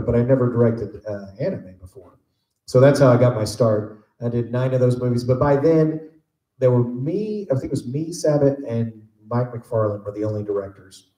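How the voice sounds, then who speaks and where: A man answering fan questions on a convention panel, relaxed and jokey, rambling through stories. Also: mid-range voice. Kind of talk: casual storytelling Q&A. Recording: echoey convention room.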